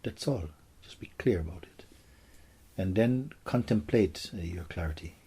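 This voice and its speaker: A man, a spiritual teacher, gently telling stories and answering questions for a gathering in a soft, hushed way. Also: low-pitched, expressive, unhurried, husky. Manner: soft-spoken, gentle storytelling, often drops to a hush.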